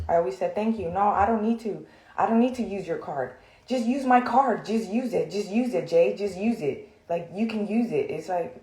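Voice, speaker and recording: A woman's voice: medium pitch, warm tone, reverberant, rough recording. A woman venting heatedly on a livestream, confrontational and full of fillers, recorded on a phone in a room.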